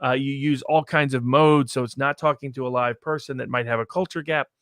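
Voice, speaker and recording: A man talks briskly about polling, words tumbling out with many restarts. His voice sits at a middle pitch and sounds close and dry, with no room around it. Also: fairly even intonation, fairly bright tone, no echo. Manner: fast, explanatory, with frequent restarts. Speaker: pollster guest. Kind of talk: casual podcast discussion.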